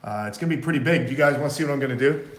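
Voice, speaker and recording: At home in Florida, a tortoise breeder with a runny nose chats loosely on a live vlog about his tortoises and his house, full of "uh" fillers. He speaks rapid-fire in a medium-pitched voice, filmed on a phone camera partly in selfie mode, both indoors and at the front of the house.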